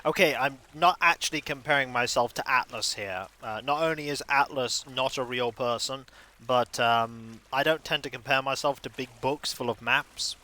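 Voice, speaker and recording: Guy streaming a game, goofy rambly tangents, bright voice, mid pitch. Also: moderate pace. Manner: rambling, jokey, self-mocking asides. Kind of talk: casual gaming stream commentary.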